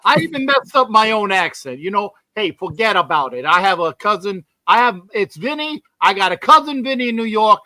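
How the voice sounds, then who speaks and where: Casting: man doing a loud, high, bright South Philly wiseguy, slow and brash. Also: big pitch swings, dry recording, full character voice. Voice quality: overdone fake accent, swearing.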